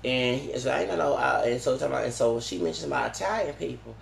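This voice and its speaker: A man's voice: medium pitch, quick pace, vocal fry, roomy sound, crowd noise. A man talking in a long, rambling monologue, full of restarts and tag questions like "okay?". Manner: digressive, many restarts and "okay?" tags. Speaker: vlogger.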